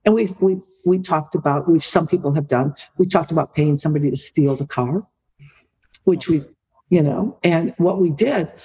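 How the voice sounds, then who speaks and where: A middle-aged woman, an author and podcast guest, telling a family story in a lively conversational way. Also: deep voice, normal speed, slightly rough, rough recording. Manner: lively anecdotal storytelling, repeats for emphasis.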